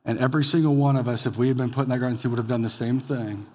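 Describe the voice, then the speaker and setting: A man's voice: medium pitch, fairly even intonation, very fast. Man preaching a sermon in a reverberant hall. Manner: conversational preaching, swings between loud emphatic bursts and quiet drops. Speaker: pastor. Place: church sanctuary.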